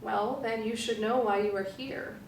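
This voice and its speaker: A woman voicing a sad, gentle grand male talking tree in a storybook reading, speaking quietly and reflectively. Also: a little high, fairly even intonation, moderate pace, lightly acted. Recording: echoey room, distant mic, faint hum.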